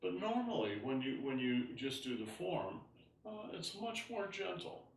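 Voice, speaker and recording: A man's voice: on the high side, sing-song, a little slow, gravelly, roomy sound, far from the mic. A man teaching an online tai chi class, explaining moves as he demonstrates and often asking "right?".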